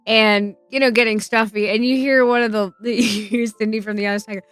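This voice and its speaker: Bright, clear-voiced woman streamer. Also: a little high, fairly even intonation, brisk, no room sound, faint music behind. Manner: chatty, emotional, swears freely, many fillers. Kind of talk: casual livestream storytelling.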